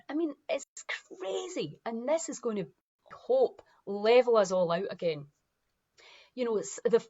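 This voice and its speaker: Heard through a muffled recording, a medium-pitched Scottish woman, the founder of a wellness movement, gives a passionate motivational speech. Her delivery is forceful and lively, and at times she mimics other people's voices.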